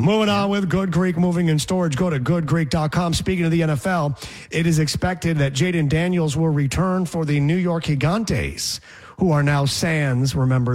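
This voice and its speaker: A man's voice: fairly high pitch, darkish tone. A man hosting a casual sports talk show, joking around and drawling words for effect. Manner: playful, mimics voices and drawls words for effect. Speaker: sports radio host.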